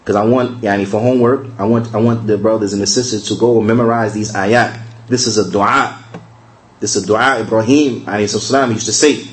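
A man's voice: on the low side, fairly even intonation, rough recording. Man teaching a conversational religious lesson. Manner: conversational, repeats key phrases, asks rhetorical questions; slows down to spell out recited verses.

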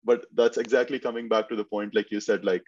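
Low-ish guy rambling through a story on a podcast, muffled audio. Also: level tone, fast, darkish tone. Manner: storytelling, lots of restarts and fillers. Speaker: bodybuilder guest. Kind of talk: casual podcast chat.

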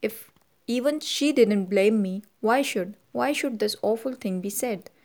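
A woman's voice: mid-range voice, unhurried, a little mellow, lightly acted. A woman reading the part of a young governess who speaks in a trembling, pleading voice. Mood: distressed.

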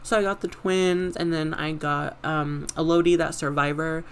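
A man's voice: a little high, normal speed, gravelly, a little hiss or hum. A young man hosting a casual, unedited podcast, rambling through stories with lots of fillers and casual swearing. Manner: lively, animated retelling. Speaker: podcast host.

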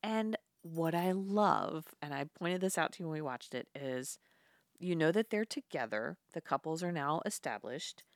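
Woman, low voice, dry close sound, casual chatty film recap, laughs and swears. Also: expressive, moderate pace, dry recording. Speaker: podcast co-host.

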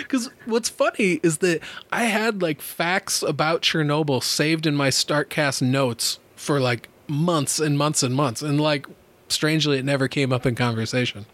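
This thirty-something male podcaster has a fairly high, unhurried voice. He spins his stories in a loose, lively manner, with frequent laughter and plenty of swearing.

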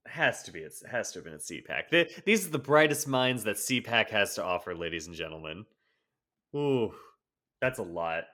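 A man's voice: fairly low pitch, very animated, normal speed, bright, forceful tone. A man co-hosting a podcast, reading news items aloud with sarcastic, wry asides in a casual chat. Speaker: podcast co-host.

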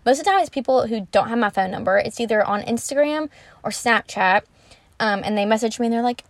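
A woman's voice: a little high, fairly quick, dry recording. A young woman talking casually and earnestly about her Christian faith, chatty, with many fillers like "um" and "like". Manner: animated when retelling conversations. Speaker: Christian vlogger. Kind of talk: casual faith talk to camera.

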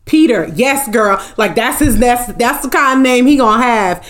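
A woman's voice: a little high, lively intonation, moderate pace, fairly bright tone. A young woman hosting a podcast, chatting casually with live viewers, joking and swearing and laughing often. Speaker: podcast host.

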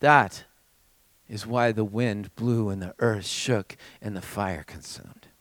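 A man preaching a sermon as pastor, with dramatic swings between raised passages and hushed, almost whispered lines. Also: lowish voice, takes it slowly, no room sound.

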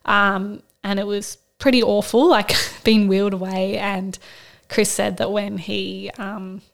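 Young woman, podcast co-host, candid and chatty, filler-heavy storytelling, mid-range pitch. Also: flat delivery, a little slow, vocal fry. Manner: candid, rambling, many fillers and "like". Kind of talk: casual storytelling chat.

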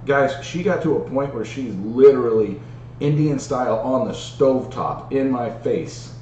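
A man candidly telling a personal story in casual podcast chat, animated and full of restarts. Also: medium pitch, moderate pace, echoey room, distant mic, slight background noise, low-quality recording. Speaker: podcast co-host.

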